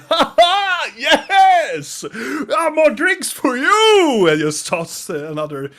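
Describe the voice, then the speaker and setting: A man narrating a tabletop game as game master, halting with many fillers and restarts. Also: fairly high pitch, a bit bright.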